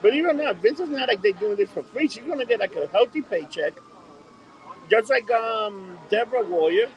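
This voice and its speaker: A man's voice: high voice, expressive, normal speed, muffled recording. A man co-hosting a podcast in casual chat, loose and opinionated, saying "dude" a lot. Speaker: podcast co-host.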